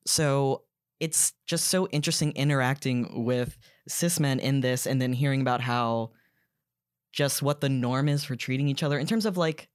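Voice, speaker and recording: A young trans woman talking candidly as a podcast guest, turning animated when she retells exchanges. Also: very deep voice, moderate pace, no echo, clean studio sound. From American South. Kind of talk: casual podcast conversation.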